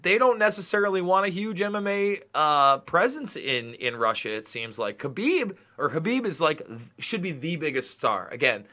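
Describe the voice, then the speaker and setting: Lively bright-voiced man, casual podcast host. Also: a little high, moderate pace, hardly any pauses. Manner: animated, swears freely, laughs often. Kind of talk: casual sports chat.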